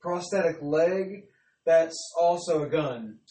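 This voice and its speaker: A woman's voice: low voice, takes it slowly, warm tone, recorded from a distance, slight background noise. A woman friend adding dry, chatty asides. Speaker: friend in the audience. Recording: echoey room from afar.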